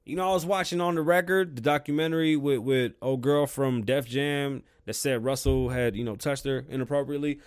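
A man hosting his own show, ranting his opinions heatedly and swearing constantly, swinging between loud outbursts and quiet stretches. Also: medium pitch. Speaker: show host. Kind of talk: profane opinion rant.

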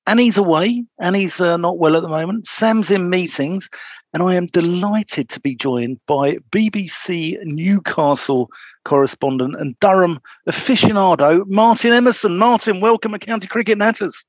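Man, southern english accent, podcast host, casual cricket chat, high voice, restarts sentences. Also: moderate pace, no room sound, rough recording. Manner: chatty, stumbles and restarts.

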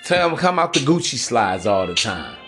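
A man's voice: medium pitch, very animated, normal speed, over music. A man hosting a podcast, giving blunt, profane dating advice in an emphatic, preachy street-talk manner. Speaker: podcast host. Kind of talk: motivational dating advice monologue.

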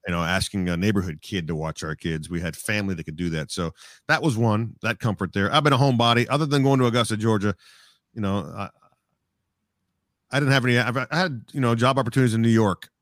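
A man's voice: on the low side, quick pace, fairly bright tone, no echo, studio quality. A middle-aged man, a sportscaster, telling stories in a casual interview, rambling and reflective with many restarts. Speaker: sportscaster guest.

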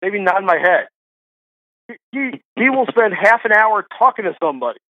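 A man, a golf writer, guesting on a podcast and telling stories in a chatty way with quick restarts. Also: high voice, big pitch swings, no echo. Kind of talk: casual podcast interview chat. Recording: dry tinny phone line.

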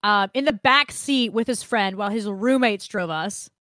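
A young woman co-hosting a podcast tells a story in casual chat, animated, laughing often and swearing freely. Her voice is mid-range at a moderate pace, with clean studio sound and no room echo.

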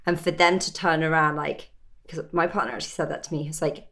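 A woman's voice: deep voice, steady tone, quick pace, fairly bright tone. A woman hosting a casual conversation, reflective and thinking aloud as she talks.

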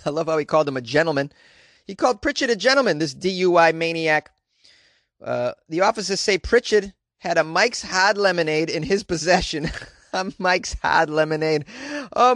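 A man's voice: sits high, a bit bright, no echo. A man putting on a brash Boston guy. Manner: exaggerated, blustery. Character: brash drunk-story-telling Boston guy.

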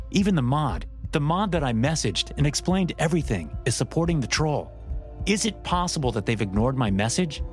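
A man giving scripted first-person horror narration in a tense storytelling manner. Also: medium pitch.

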